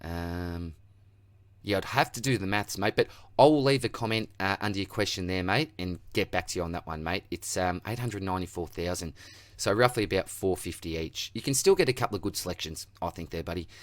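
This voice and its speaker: Relaxed Australian man, lowish voice. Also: a little fast, dry recording. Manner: matey, relaxed, calls everyone mate and buddy. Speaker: fantasy football channel host. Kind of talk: casual Q&A answering viewer comments.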